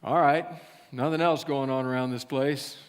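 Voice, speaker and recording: A preacher doing a puzzled Southern friend in a sermon. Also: male voice, mid-range voice, fairly even intonation, moderate pace, clean tone, lightly acted. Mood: skeptical. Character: skeptical curious man, a friend in ancient Colossae. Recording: long church reverb.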